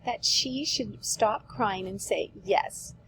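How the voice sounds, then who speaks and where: Woman reading a chatty old nurse, rambling, repeating herself, plain mid-pitched voice. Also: takes it slowly, fairly bright tone, slight background noise, low-quality recording. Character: talkative old female nurse, rambling and fond. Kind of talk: reading a play aloud.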